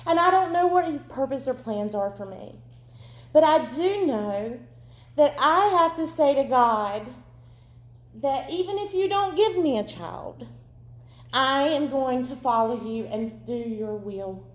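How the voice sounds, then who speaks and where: A woman in her thirties gives an emotional, earnest sermon testimony. Her voice sits high. The sound carries the echo of a large room. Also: animated, unhurried. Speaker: preacher. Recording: echoey room.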